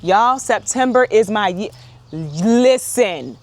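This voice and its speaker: Excitable woman, low-pitched voice. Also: slow. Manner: chatty and excitable, often addresses viewers as y'all. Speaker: urban homesteader, channel host. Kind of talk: casual garden vlog talking to viewers. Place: outdoor backyard garden. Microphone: wireless clip-on mic.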